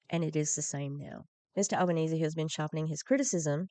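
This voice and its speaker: A woman's voice: sits low, steady tone, fairly quick, hardly any pauses, a little mellow, no echo. A woman hosting a political commentary podcast, reading the news aloud and reacting in a heated, blunt, profane way with sarcastic asides.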